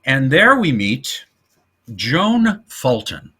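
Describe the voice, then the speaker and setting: Husky man, bright tone, retelling comedy scenes with put-on voices, casual podcast talk. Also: mid-range voice, extremely slow. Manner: animated retelling, acting out quotes in voices. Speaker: podcast co-host. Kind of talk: casual film discussion.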